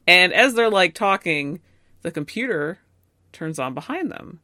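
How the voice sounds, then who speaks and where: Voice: mid-range voice, expressive, a little slow, sharp tone, no room sound. A co-host recapping plot in casual chat, chatty and quoting characters' lines along the way. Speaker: podcast co-host.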